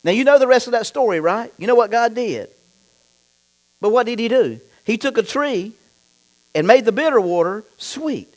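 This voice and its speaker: A male pastor preaching a sermon, reading scripture and then talking straight to the congregation, dropping low for asides and getting loud and fired up in other stretches. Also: animated, moderate pace, pauses often, poor audio. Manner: reads scripture aloud and talks straight to the congregation.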